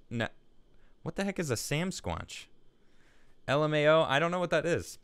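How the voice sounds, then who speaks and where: Chatty male stream host, clear dry voice. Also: a little high, sing-song, moderate pace, long pauses, a bit bright, no room sound. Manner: chatty, laughs easily, stumbles and restarts often. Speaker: livestream show host. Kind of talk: casual chat, reading viewer messages aloud.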